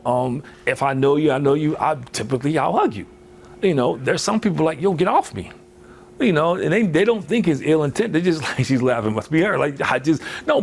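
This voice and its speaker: A man's voice: on the high side, slight background noise. A man giving a motivational workshop talk in a conversational way, filling with "you know" and acting out quoted voices. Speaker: motivational speaker.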